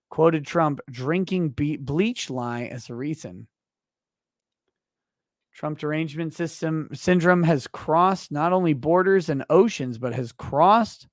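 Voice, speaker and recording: A tipsy man in his thirties hosts a livestream, reading donations aloud and ranting with loud, profane energy that drops suddenly to a mutter. His voice sits a bit high for a man and sounds dry and close to the mic. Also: dry recording. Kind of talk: casual livestream chat.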